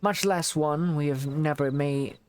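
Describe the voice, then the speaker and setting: A man voicing a solemn, formal male official in a game, reading in a measured way. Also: on the high side, pitched above the performer's own voice, close to an everyday voice.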